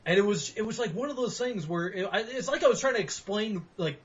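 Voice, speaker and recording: A man's voice: sits high, lively intonation, fairly quick, lo-fi sound. A young man hosting a podcast, telling rambling, profane stories in casual chat with bursts of laughter. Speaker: podcast host.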